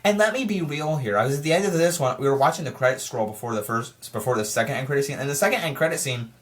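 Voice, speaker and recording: A film reviewer giving a casual spoiler review, rambling and excitable, often restarting sentences and firing off frustrated rhetorical questions. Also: medium pitch, fast talker. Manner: rambling and excitable, with frequent restarts and stammered repeats.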